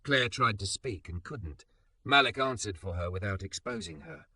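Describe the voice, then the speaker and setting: A man narrating a scripted romance story in a dramatic, measured way. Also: medium pitch, big pitch swings, creaky, bright, forceful tone, no echo.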